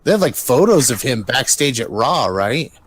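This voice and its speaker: A matter-of-fact man chatting casually on a podcast, at a middle pitch. He is recorded dry, with no room sound. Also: big pitch swings, moderate pace, husky, no room sound. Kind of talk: casual chat.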